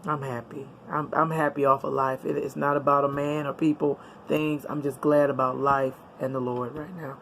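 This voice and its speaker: A woman's voice: very deep voice, little pitch movement, moderate pace, gravelly, few pauses, a little hiss or hum. A middle-aged woman vlogger chatting casually and upbeat to her viewers, with a preachy tone and frequent laughter.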